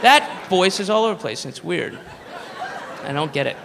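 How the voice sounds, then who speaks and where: Profane comedian, high bright voice. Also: male voice, normal speed, vocal fry, some chatter behind, a little hiss or hum. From American South. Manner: rambling, profane, animated. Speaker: stand-up comedian. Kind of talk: stand-up comedy. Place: live venue stage. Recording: reverberant live hall, faint ambience.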